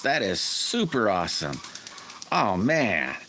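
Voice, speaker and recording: Deep-voiced man chatting on a livestream. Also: animated, measured pace, pauses often, a bit bright, slight background noise. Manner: greets chat viewers by name, rambling and self-correcting. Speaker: livestream host. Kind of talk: casual live-stream chat.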